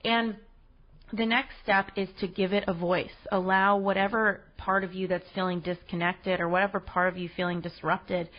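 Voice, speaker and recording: Woman podcast host, late 20s to 30s, earnest encouraging self-help delivery, mid pitch. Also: little pitch movement, moderate pace, highs cut off. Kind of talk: solo podcast reflection.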